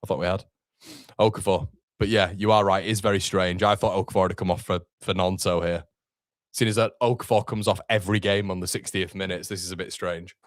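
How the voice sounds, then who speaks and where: Low-voiced excitable football fan host. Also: male voice, fairly quick, dry recording, studio quality. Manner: excitable, swears, chats to viewers. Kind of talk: live match reaction.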